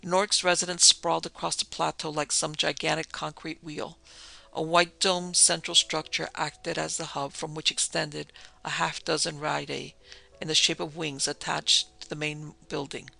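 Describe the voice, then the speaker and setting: A man's voice: on the high side, little pitch movement, normal speed, creaky, pushed and bright. A man narrating a pulp horror story in the first person, with dramatic storytelling.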